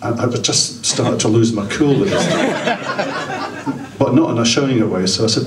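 A man's voice: mid-range voice, normal speed, background noise. Wry swearing man telling stage stories. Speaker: singer-songwriter telling a story between songs. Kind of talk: comic stage storytelling. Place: concert venue stage. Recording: roomy live hall from far off.

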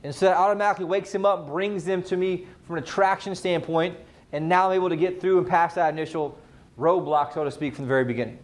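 A man teaching a live sales training class, firing questions at the room and answering them himself. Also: high voice. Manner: energetic, quizzes the audience, rapid questions.

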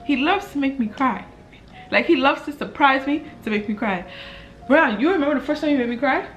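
A woman's voice: high voice, lively intonation, brisk, highs cut off, soft background music. A woman in her twenties from the Bahamas, chatting casually to the camera as a vlogger, telling a story and often repeating her words.

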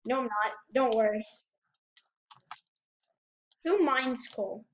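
A woman talks through a video game at her desk in bursts of excitement, repeating words when things get hectic. Her voice sits high and the lo-fi home mic dulls it. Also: slow. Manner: excitable, exclaims and repeats herself. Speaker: gamer. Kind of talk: casual gameplay commentary.

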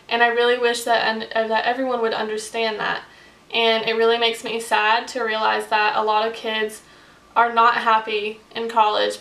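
A woman's voice: a little high, fairly bright tone, distant mic. A young woman talking earnestly in a casual personal vlog, with frequent "like" and "um" fillers. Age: young adult. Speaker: vlogger. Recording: echoey room, speaker away from the mic.

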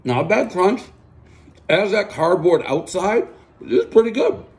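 A man's voice: high-pitched, very animated, moderate pace, vocal fry. A man hosting a pizza review outdoors, ranting combatively, swearing constantly and boasting about himself.

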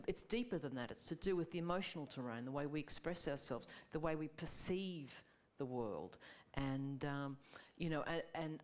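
A woman, a film director speaking thoughtfully on a live panel, searching for her words. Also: low-pitched. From Australia. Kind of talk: panel discussion. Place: live gallery panel event.

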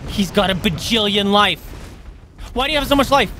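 A man's voice: high-pitched, normal speed, long pauses, a little hiss or hum. A man livestreaming a game, chatting to viewers and yelping and swearing at enemies. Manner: excitable, yelps and swears at enemies; chatty, thanks viewers by name. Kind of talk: live gameplay commentary.

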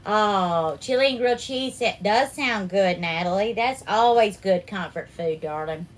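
A woman hosting a live cooking stream, warmly greeting viewers by name and calling them darling and sweetheart. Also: mid-range voice, measured pace. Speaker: cooking livestream host.

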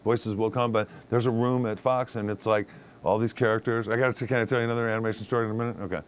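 A man's voice: fairly low pitch, little pitch movement, racing, a little hiss or hum. A middle-aged man, an actor guest, telling showbiz stories in a casual, joking, self-deprecating way. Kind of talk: casual podcast chat, storytelling.

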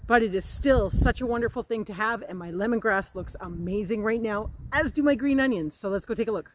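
A woman's voice: mid-range voice, fairly quick, a little hiss or hum. A woman chatting enthusiastically as she tours her garden and explains a recipe while she works. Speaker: homesteading vlogger. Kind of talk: casual cooking and garden vlog. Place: garden outdoors, then kitchen.

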